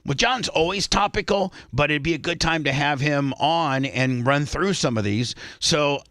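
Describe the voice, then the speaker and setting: A man's voice: a little high, normal speed, fairly bright tone, dry recording, studio quality. A man hosting a radio talk show, telling stories in a rambling way with lots of restarts. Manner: rambling storyteller with many restarts.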